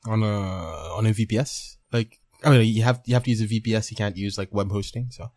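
A man co-hosting a podcast, patiently explaining web software in a casual, halting way, with the odd swear word. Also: on the low side. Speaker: podcast co-host. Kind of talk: casual tech chat, explaining.

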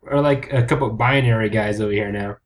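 A man's voice: fairly low pitch, quick pace. A man co-hosting a podcast in casual chat, blunt and teasing, swearing freely. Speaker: podcast co-host.

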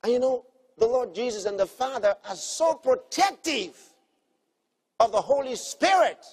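A man preaching a sermon, earnestly teaching and repeating key phrases, moving between soft, quiet lines and emphatic ones. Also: very high voice, animated, unhurried, slightly rough.

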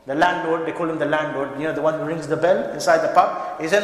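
A man giving a lively sermon in a mosque, joking with the congregation. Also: on the high side, a little fast. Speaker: preacher. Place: mosque hall. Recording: echoey hall reverb.

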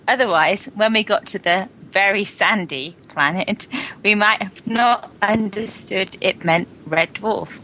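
A woman's voice: mid-range voice, sharp tone, slight background noise, rough recording. A woman co-hosting a casual podcast, chatty and giggly while reading feedback. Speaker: podcast co-host.

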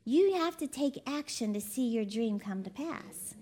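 A woman's voice: on the high side, lively intonation, unhurried, warm tone. A woman preacher, giving a conversational sermon in a chatty, folksy storytelling manner, laughing often. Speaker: ministry CEO and preacher.

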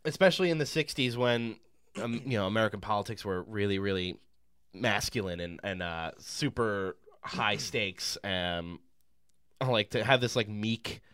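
A man's voice: lowish voice, moderate pace, a bit bright, smooth, dry recording. Hesitant man in a dry room. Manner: hesitant, many ums and restarts, laughs easily. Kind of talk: casual film discussion.

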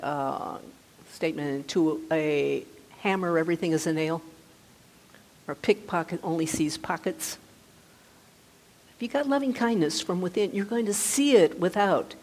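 A woman meditation teacher giving a gentle, conversational dharma talk, often restarting her sentences. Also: lowish voice. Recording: reverberant hall.

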